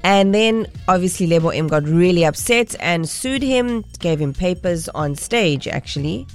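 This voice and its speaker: A woman's voice: fairly low pitch, animated, moderate pace, faint music behind. A woman co-hosting a morning radio show, chatting casually while relaying news stories. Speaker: radio co-host.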